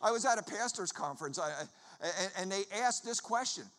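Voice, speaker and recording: Bright-voiced male preacher in a reverberant hall. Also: high voice, a little fast. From Philadelphia area. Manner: lively storyteller, jokes with the crowd. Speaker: traveling preacher. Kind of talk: sermon with humorous storytelling. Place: church before a congregation.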